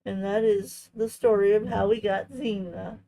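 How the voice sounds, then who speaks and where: A woman hosting a crafting channel, chatting casually in a tender, reflective way, often halting and restarting her sentences. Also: medium pitch, steady tone, creaky, dark tone, rough recording. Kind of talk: casual chat while crafting.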